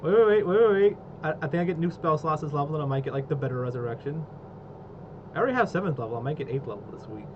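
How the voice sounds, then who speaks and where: A man's voice: mid-range voice, lively intonation, racing, muffled recording, background noise. A man playing a tabletop game, chatting casually and joking, laughing often.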